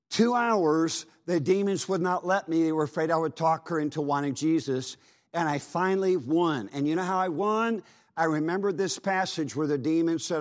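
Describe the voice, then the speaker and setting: Earnest man telling a dramatic testimony. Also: fairly high pitch. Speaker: preacher. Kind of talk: sermon testimony.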